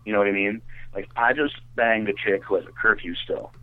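A young man telling a crude story in casual podcast chat, animated, with stammering restarts. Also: fairly low pitch, brisk. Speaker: podcast co-host. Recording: tinny phone-like sound.

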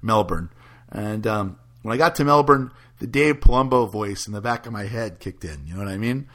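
A man's voice: lowish voice, expressive, normal speed, fairly bright tone. A man chatting casually as a podcast host, telling a rambling story with many restarts and frequent laughs. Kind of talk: casual chat.

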